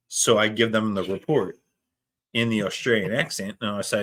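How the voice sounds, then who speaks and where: A middle-aged man with a fairly low voice spins a story from his paramedic work in a relaxed podcast chat. His delivery is loose and anecdotal, and he swears freely as he goes. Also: moderate pace. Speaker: podcast co-host.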